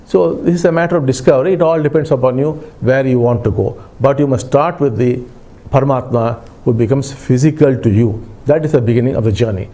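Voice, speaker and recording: A man delivers a spiritual talk in a mellow, warm voice. He explains patiently, step by step, and circles back to the same phrases. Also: mid-range voice, fairly quick. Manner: calm, explanatory, repetitive phrasing. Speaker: spiritual teacher. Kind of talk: spiritual discourse.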